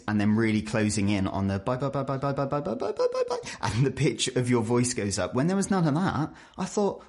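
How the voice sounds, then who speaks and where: A British man in his twenties, talking casually to camera as a vlogger and telling stories with lively jumps in pitch. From United Kingdom. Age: 20s. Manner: animated storytelling, pitch jumps for quoted voices.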